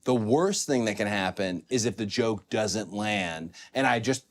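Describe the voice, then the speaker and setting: A man hosting a casual chat podcast, telling stories with lively acted-out quotes and reading an ad. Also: fairly low pitch, measured pace. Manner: animated storyteller, acts out quotes. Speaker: podcast host.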